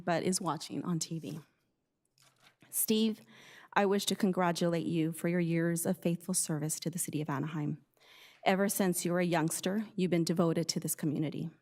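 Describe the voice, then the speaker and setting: A woman's voice: fairly low pitch, a little mellow. A woman serving as city clerk at a council meeting, formally reading a statement into the record with some hesitations.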